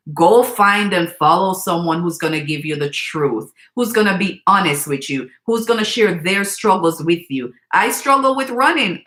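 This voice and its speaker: A woman who works as a nutrition specialist, chatting casually on a live video with viewers, full of "you know" and "like", and lively when she quotes others. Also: reverberant. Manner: chatty, candid, many fillers like "you know" and "like", reads out viewer comments; animated when quoting her niece, jumping high in pitch.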